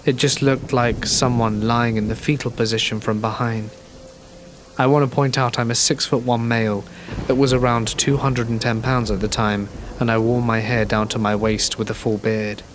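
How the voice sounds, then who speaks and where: A man narrating a horror story in a calm, measured, scripted reading. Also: mid-range voice, noisy background. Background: gentle rain.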